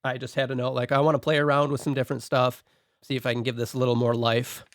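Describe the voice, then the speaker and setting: Man, podcast co-host, methodical, talking through notes, mid pitch, dry close sound. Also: little pitch movement, fast, no echo. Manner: methodical, talks through his notes point by point. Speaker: podcast co-host and song producer. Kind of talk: casual podcast discussion.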